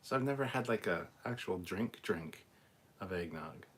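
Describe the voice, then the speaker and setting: A man's voice: low voice, lively intonation, normal speed, a bit bright, slight background noise. A man hosting a casual live stream, reading chat aloud and ranting bluntly with plenty of swearing.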